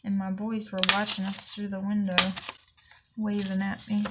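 On a very noisy recording, a planner vlogger with a Southern US accent rambles through a long, indignant anecdote for her chatty vlog. Her medium-pitched voice stays completely flat and moves at a normal speed, and she sounds slightly out of breath.

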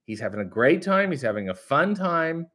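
A man's voice: on the high side, sing-song, moderate pace, fairly bright tone. A man hosting a casual livestream who reads out viewer comments in a jokey, sarcastic, rambling way. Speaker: livestream host reading chat. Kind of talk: casual live chat.

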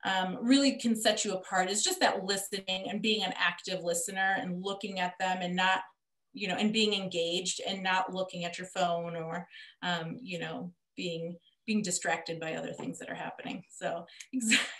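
A woman hosting a podcast, chatting casually with lots of fillers and getting animated. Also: on the low side, moderate pace. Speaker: podcast host. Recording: echoey room.

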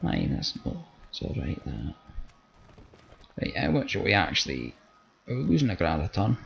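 A man's voice: deep voice, wildly swooping pitch, normal speed, gravelly, pauses often. A man with a Scottish accent doing let's play commentary, blunt, sweary and joking. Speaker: gaming channel host. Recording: slightly dull audio with faint game music.

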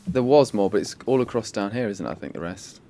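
A man chatting casually while playing a game, easily startled and quick to exclaim. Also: on the low side, expressive, mellow, faint music behind. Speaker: gamer. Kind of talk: casual let's-play chat. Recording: faint background noise.

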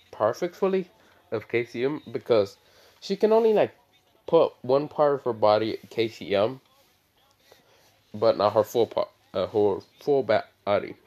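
Brief: young male storyteller, unhurried, hesitant, filler-heavy delivery. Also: medium pitch, a little mellow. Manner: halting, many fillers and throat clearing. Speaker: fan storyteller. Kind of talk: improvised fan-fiction retelling.

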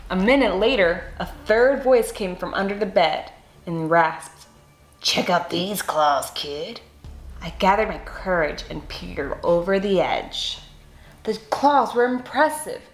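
A woman reading a children's picture book aloud, expressive and unhurried. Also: mid-range voice. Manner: expressive, slow and clear. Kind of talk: storybook read-aloud. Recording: echoey room, faint music.

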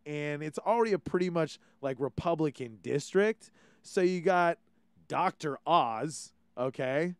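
A man's voice: on the high side, animated, unhurried, clear, resonant tone, no room sound. Young Hawaiian male host, clean voice with a dry close sound, loose and profane. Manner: rambling, ranting, swears freely. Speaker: podcast host. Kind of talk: casual monologue.

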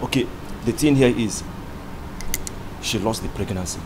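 A man with a Nigerian accent, playing a doctor who speaks calmly and firmly in a film drama. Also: on the low side, very noisy, natural voice. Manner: calm, firm, measured.

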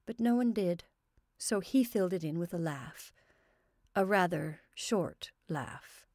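A woman reading a classic short story aloud in measured, even narration. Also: lowish voice, dry recording, studio quality.

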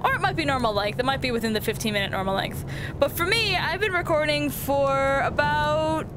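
A woman giving casual, excitable commentary while playing a video game, squealing at cute things. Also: high voice, a little fast, background noise. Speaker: gaming video host. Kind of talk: casual let's-play commentary. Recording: game music behind the voice. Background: game music.

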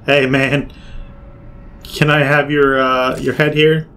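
A man giving loud, jokey game commentary, swearing and yelping in fright as he plays. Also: medium pitch, flat delivery, slow pace, smooth. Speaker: gaming video creator.

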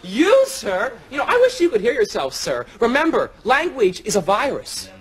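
A preachy, indignant art student, as an actor plays them in a comedy sketch. The voice leaps high and swoops widely, sounding a bit off the mic. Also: wildly swooping pitch, moderate pace. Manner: indignant, lecturing.

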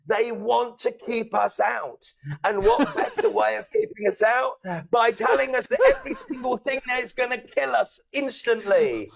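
A man's voice: very high-pitched, normal speed, vocal fry, a crowd in the background. A British man hosting a casual chat, telling stories animatedly, swearing and laughing as he goes. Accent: British English. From England.

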